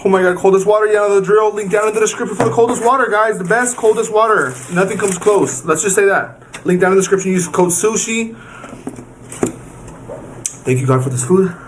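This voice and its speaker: A man's voice: high-pitched, fairly even intonation, fast talker, a little hiss or hum. A man chatting through a mukbang, gushing and overexcited about his food. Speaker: mukbang eater. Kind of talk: excited mukbang eating chat.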